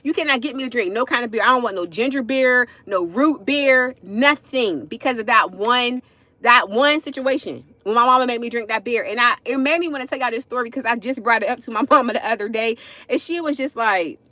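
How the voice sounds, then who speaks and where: A woman's voice: a little high, fairly quick, sharp tone, no room sound. A woman, telling a casual story on a livestream, chatty, addressing viewers as y'all, with frequent asides. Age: 40s.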